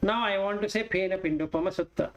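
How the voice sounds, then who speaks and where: Dharma teacher, male, raised pitch, plain examples and chanted Pali verses. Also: quick pace, a little hiss or hum, low-quality recording. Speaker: Buddhist Dhamma teacher.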